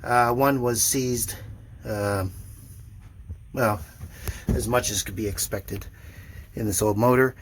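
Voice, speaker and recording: Older man, slow unhurried talk, dry self-mocking, filming on a camera inside a boat cabin, faint noise and clicks. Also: medium pitch, fairly even intonation. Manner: slow, dry, self-deprecating, many fillers. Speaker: boat owner doing a motor refit. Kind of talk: casual narration while working.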